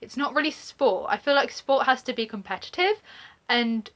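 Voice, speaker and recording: Young British woman vlogger with a regional accent, a touch high-pitched, loose and chatty with lots of fillers. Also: normal speed, a bit bright. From Britain. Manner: chatty, rambling, full of fillers and laughs. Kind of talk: casual chat to camera.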